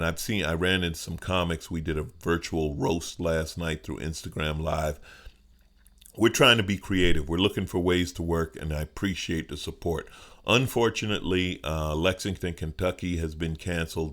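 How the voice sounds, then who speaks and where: A middle-aged man with a smooth voice, hosting his own podcast as a joking, conversational comedic monologue. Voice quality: smooth deep voice. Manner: joking, conversational, playful asides.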